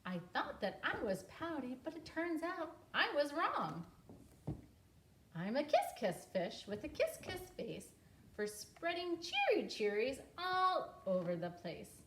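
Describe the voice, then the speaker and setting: A woman's voice: sits high, huge pitch swings, slow, fairly bright tone, slight background noise, voice pushed up, heavily acted. A mopey, pouty male fish drags out a sing-song refrain, as a woman puts him on. The voice swoops up and down and takes its time. The room gives it a roomy echo. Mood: cheerful.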